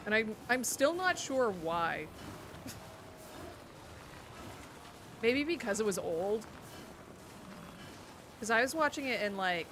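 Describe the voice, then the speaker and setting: A woman in her twenties streaming a game, chatting in a rambling, nostalgic way. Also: medium pitch. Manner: rambling and nostalgic, trails off into musing. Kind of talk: casual chat while gaming. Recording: noisy game audio behind.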